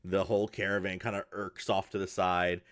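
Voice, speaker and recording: A man's voice: low-pitched, flat delivery, fairly quick, fairly bright tone, no room sound, clean studio sound. A man narrating as game master in a tabletop role-playing game, rambling descriptions full of fillers. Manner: rambling, many fillers and restarts.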